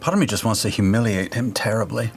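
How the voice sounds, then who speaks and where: A man's voice: fairly low pitch, quick pace, a little hiss or hum. A man playing a tabletop game, musing aloud and playful. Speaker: player.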